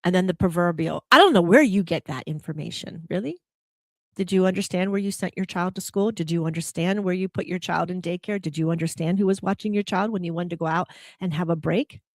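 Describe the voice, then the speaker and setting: With a lowish voice and a slightly quick pace, a woman hosts a reflective spiritual podcast, frequently asking the listener rhetorical questions. She's animated and laughs when sharing about herself, in a dry, studio-quality recording.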